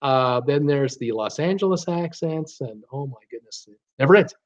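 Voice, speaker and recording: A man's voice: mid-range voice, animated, normal speed. Man, middle-aged, chatty live-stream host, rambly with lots of fillers, slightly muffled lo-fi sound. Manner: rambling, frequent "uh" and restarts, upbeat replies to viewers. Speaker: YouTube channel host reading live chat. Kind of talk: casual live-stream chat.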